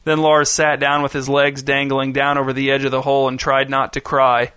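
A man reading a story aloud in steady, even scripted narration. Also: medium pitch, a little fast, clear, resonant tone, no echo, clean studio sound.

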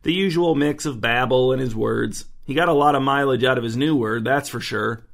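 A man's voice: medium pitch, normal speed, vocal fry, lightly acted. A man doing a chatty older grandmother.

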